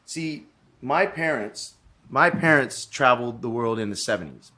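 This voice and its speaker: A man's voice: mid-range voice, expressive, moderate pace, bright, forceful tone. A man in casual podcast chat, telling travel stories in a rambling way with frequent swearing. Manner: rambling, swears, restarts often. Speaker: guest.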